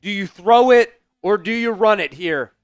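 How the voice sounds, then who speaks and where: A hoarse man, hosting a fan livestream of a football game, calling plays, shouting and chanting in excitement. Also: high-pitched, moderate pace, dry recording, soft background music. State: hoarse, voice worn out. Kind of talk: live fan play-by-play watch-along.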